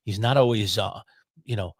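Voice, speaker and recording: A man's voice: lowish voice, normal speed, slightly rough, dry recording, clean studio sound. A man co-hosting a live sports talk stream, casual and rambling, with many fillers and restarts. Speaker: co-host of a sports talk show.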